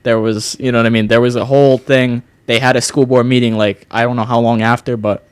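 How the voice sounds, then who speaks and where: Male podcast co-host, relaxed casual talker, dry recording. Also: mid-range voice, brisk, smooth, dry recording. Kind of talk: casual chat.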